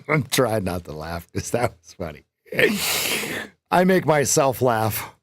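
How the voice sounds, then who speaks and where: A man's voice: fairly low pitch, big pitch swings, a little slow, dry recording. A man hosting a live trading stream as coach, thinking aloud through numbers and joking at his own lines. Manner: chatty, jokes at his own lines and laughs at them.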